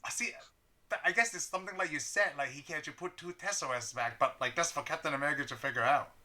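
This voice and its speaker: A young man with a very bright, sharp-edged voice talks animatedly in a relaxed podcast conversation. He laughs often and slips into quick acted-out lines. His voice sits a little above the usual male range. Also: on the high side. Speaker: podcast co-host. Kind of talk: casual chat.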